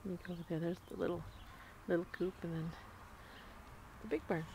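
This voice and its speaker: Gravelly low-voiced woman on a farm tour. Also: steady tone, brisk, mellow, a little hiss or hum. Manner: chatty and rambling, with frequent fillers and small laughs. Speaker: homesteader giving a farm tour. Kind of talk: casual walk-through narration. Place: outdoors on a small farm, among barns and animals.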